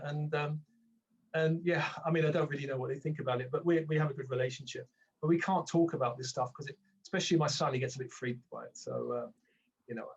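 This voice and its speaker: Older male guest, spiritual teacher, slightly higher than usual male pitch, reflective and meandering. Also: dull audio, slight background noise. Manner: reflective, rambling with restarts, acts out inner voices. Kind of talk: conversational interview.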